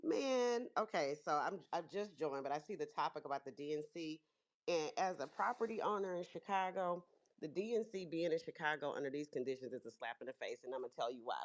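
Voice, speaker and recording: A woman's voice: low-pitched, lively intonation, brisk. A woman calling into a livestream, telling a story in a chatty way. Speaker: caller. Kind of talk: casual call-in commentary.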